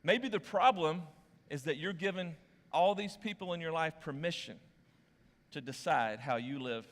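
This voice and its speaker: A man's voice: fairly high pitch, moderate pace, fairly bright tone. A man preaching a sermon as pastor, joking with volunteers on stage and speaking candidly to the congregation. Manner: playful and joking with volunteers, then candid and confessional. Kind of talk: sermon with audience games. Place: church auditorium. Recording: long reverb of a large hall.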